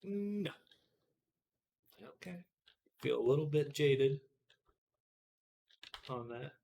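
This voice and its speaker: A streamer talks through their work on a live stream in a casual, easygoing way. They drift between quiet muttering to themself and friendly chatter with viewers. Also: mid-range voice, animated, drawn-out words, vocal fry. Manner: mutters to self while working, chatty with viewers. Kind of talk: live-stream commentary while working.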